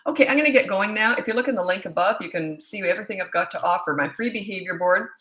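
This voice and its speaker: A woman's voice: medium pitch, fast talker, fairly bright tone. A woman in her sixties, a parenting coach chatting casually on a live stream, reading out viewers' comments and rambling between them. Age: 60s. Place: home.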